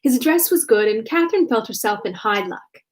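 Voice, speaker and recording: A woman's voice: a little high, lively intonation, moderate pace. Young woman reading a classic novel aloud. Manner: amateur reading, breaks off to laugh and comment on her own accents. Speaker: audiobook reader.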